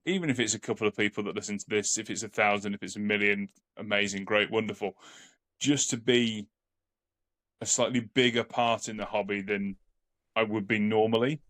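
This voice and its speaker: A man's voice: fairly low pitch, fairly even intonation, a little fast, a bit bright. A man co-hosting a casual podcast, rambling and repeating words as he thinks aloud. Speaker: podcast co-host.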